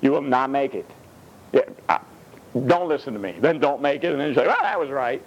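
A man's voice: mid-range voice, animated, a little fast, highs cut off, slight background noise. A man preaching a sermon, emphatic and blunt, with mocking asides.

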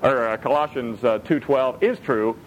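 A preacher mimicking a smug former philosophy student who rattles off verses. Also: male voice, medium pitch, slight background noise, pitched below the performer's own voice, close to an everyday voice, poor audio. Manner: rapid, smug.

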